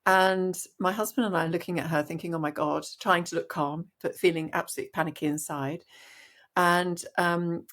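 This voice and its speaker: A woman's voice: lowish voice, steady tone, moderate pace, fairly bright tone. A middle-aged woman, a doctor, telling a personal story in an interview with earnest animation and frequent restarts. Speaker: doctor guest.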